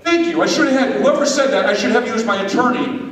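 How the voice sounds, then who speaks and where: A man giving a confirmation talk, telling a personal story with animated energy and speaking straight to his young audience. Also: extremely high pitch, fast, crowd noise. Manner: animated, addresses audience directly. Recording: echoey hall, distant mic.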